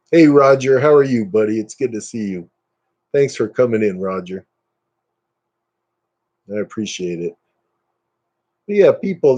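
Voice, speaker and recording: Hosting a casual live stream, a man with a warm, husky voice chats with viewers and rants dismissively. When he gets worked up, his pitch jumps higher.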